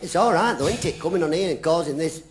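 A man's voice: a little high, lively intonation, fast. An older man playing the daft, cheeky half of a live comedy double act, giggling at his own gags. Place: large theatre stage before a laughing audience. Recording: echoey live theatre recording with audience noise.

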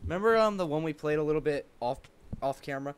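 A young man hosts a game playthrough on a desk mic without a pop filter. He teases his partner playfully, sliding from low mumbles to high yelps with a very lively pitch. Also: quick pace, clear, resonant tone, no echo. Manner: playful, teasing, swings from mumbling to yelping. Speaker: let's play host. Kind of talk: casual gameplay commentary.

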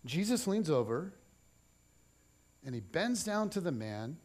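A man preaching a sermon as pastor, telling the story in an animated way and acting out its scenes. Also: a little high, measured pace.

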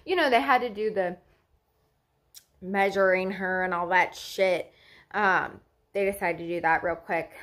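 A woman in her twenties talks straight to the camera, telling a frightening personal story in casual, unpolished speech. She swears freely and sounds anxious and raw as she relives it, her pitch sitting at an ordinary middle height. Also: a bit bright. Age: 20s. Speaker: vlogger.

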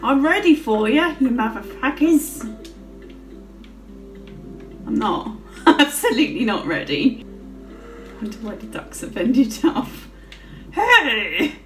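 A woman's voice: on the high side, expressive, slow pace, pauses often, far from the mic. A woman giving casual gameplay commentary, swearing freely and giggling often as she plays. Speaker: gaming channel host. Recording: roomy with faint music.

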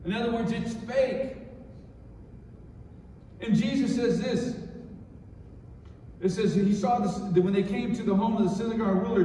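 A male pastor preaching a sermon, swinging between soft and loud, often repeating key phrases for emphasis. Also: high-pitched, slight background noise. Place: church sanctuary. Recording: echoey church hall, mic at a distance.

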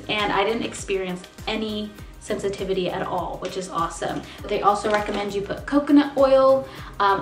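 A young woman with a slight lisp talks brightly and directly to her viewers, reviewing a product she is sponsored for. Her voice sits at an ordinary pitch and rings in an echoey room. Faint music plays beneath her. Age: young adult. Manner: upbeat, chatty, addresses viewers directly. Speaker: beauty vlogger.

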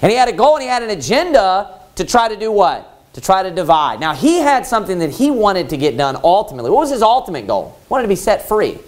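A man's voice: high voice, big pitch swings, quick pace, few pauses. A man preaching a Baptist sermon in a church, telling the story vividly and asking the congregation rhetorical questions.

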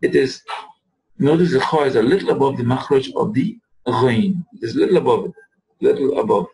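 A man with a gravelly, middle-range voice leads a recorded language lesson. He talks patiently and repeats words slowly to show their pronunciation. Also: medium pitch, a little mellow, low-quality recording. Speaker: Arabic teacher.

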